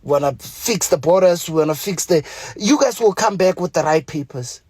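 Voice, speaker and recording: A man's voice: a little high, expressive, normal speed, darkish tone, husky, dry recording. A man with a South African accent ranting angrily to camera, profane and pleading by turns. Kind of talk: angry direct-to-camera rant.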